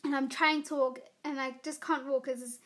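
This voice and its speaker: A woman's voice: sits high, normal speed. A teenage girl, telling funny stories in a casual solo podcast, chatty and giggly, full of "like" and "you know". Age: teens. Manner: giggly and animated. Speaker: podcast host. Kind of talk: casual storytelling monologue.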